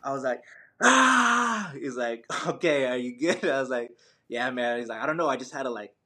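A man's voice: mid-range voice, fast talker, fairly bright tone. A young adult man, a podcast guest, telling a running story in a casual, slangy way full of fillers and restarts. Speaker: podcast guest, ultramarathon runner.

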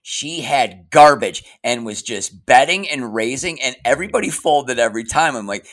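A man hosting a podcast and chatting casually with a guest, relaxed and full of stories. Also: medium pitch, moderate pace. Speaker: podcast host and actor. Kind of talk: casual interview chat.

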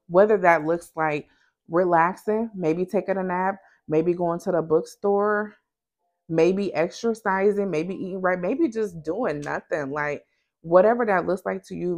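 Woman with a lowish voice, business owner talking straight to y'all, frank and chatty. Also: creaky. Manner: frank, conversational, addresses listeners directly. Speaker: small business owner and podcast host. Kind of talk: candid motivational talk.

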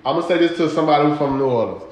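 A man's voice: a little high, animated, very fast. A man from Florida with a South Florida accent, co-hosting a casual talk show in a laid-back, slangy way. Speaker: co-host. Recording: echoey room, faint hiss.

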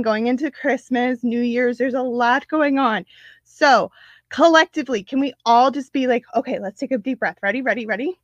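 A woman's voice: high voice, no room sound, lo-fi sound. A woman in a casual live video, talking to her viewers with encouraging, chatty restarts and lots of "like". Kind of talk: casual Facebook live talk.

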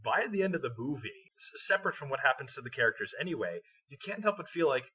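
A man's voice: mid-range voice, sing-song, fast talker, sharp tone, far from the mic, slight background noise. A man co-hosting a podcast, talking through a film in a thoughtful, reflective way. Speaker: podcast co-host. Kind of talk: casual film discussion. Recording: dull lo-fi audio from off mic.

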